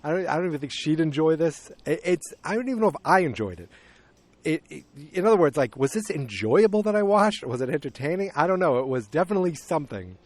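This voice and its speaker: A man's voice: a little high, fast talker, no echo. A middle-aged man hosting a podcast, recapping a movie in casual chat and acting out its scenes as he goes. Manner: animated storytelling, acting out scenes. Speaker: podcast host.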